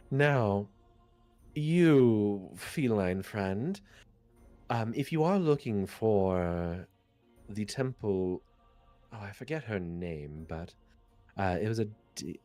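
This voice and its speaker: Snooty impatient guild guy talking down to people, lowish and slow, a man voicing him. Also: mellow, no room sound. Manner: haughty, impatient. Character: curt dismissive man in a guild, aloof. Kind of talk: tabletop game role-play.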